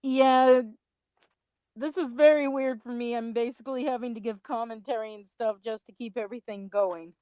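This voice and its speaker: A woman's voice: a little high, steady tone, moderate pace, dark tone, clear, resonant tone, dry recording. A young adult woman co-hosting a commentary video, chatty, rambling and a little self-conscious in casual chat.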